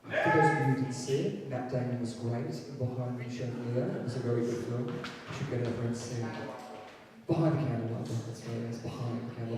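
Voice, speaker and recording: A man hosting a live improv comedy show, loud and excitable on stage, sometimes dropping to a hush. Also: medium pitch. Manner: loud and excitable on stage, then hushed whispering to the audience. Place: live comedy venue with audience. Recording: echoey hall from far off, with crowd.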